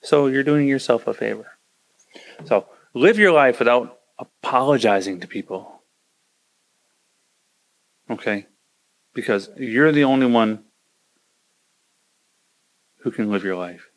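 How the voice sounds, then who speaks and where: A man's voice: medium pitch, a little slow, pauses often. A man hosting a podcast, ranting casually and acting out quoted voices as he gives advice. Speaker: podcast host.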